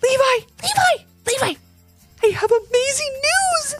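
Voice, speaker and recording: A woman reads aloud as a little girl who can barely contain her joy, her voice soaring high and bouncing all over in breathless squeals. This storybook girl rushes her words and is eager to share everything. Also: expressive, a bit bright, dry recording, faint music behind, exaggerated voice. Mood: excited. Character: excited little girl wanting to be big sister.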